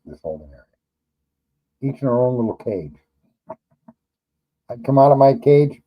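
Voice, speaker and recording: A man's voice: medium pitch, highs cut off. Blunt, profane New man. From New York. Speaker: livestream host. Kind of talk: casual livestream chat.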